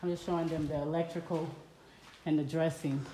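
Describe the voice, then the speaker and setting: Low-voiced woman vlogging on site. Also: flat delivery, a little fast, low-quality recording. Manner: chatty, addresses viewers as y'all. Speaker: vlogger touring her house build. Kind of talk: casual walk-through vlog. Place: outdoors on a construction site. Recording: phone video with loud background noise.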